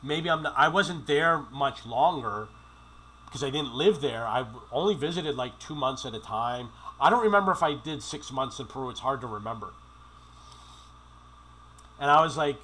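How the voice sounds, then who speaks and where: A man's voice: mid-range voice, animated, moderate pace, sharp tone, rough recording. A middle-aged man telling rambling travel stories in a casual monologue, acting out quoted dialogue. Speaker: travel vlogger.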